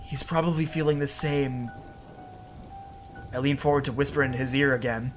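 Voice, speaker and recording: A man's voice: mid-range voice, fairly even intonation, moderate pace, long pauses, soft background music. A man giving an earnest, emotional first-person story narration as a storyteller.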